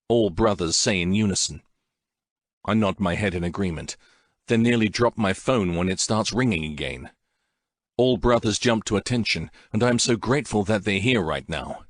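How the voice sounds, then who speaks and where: Narratore uomo, voce grave e intensa. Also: male voice, lowish voice, normal speed, a bit bright, no echo, studio quality. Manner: emotional, intense. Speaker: audiobook narrator. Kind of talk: first-person fiction narration.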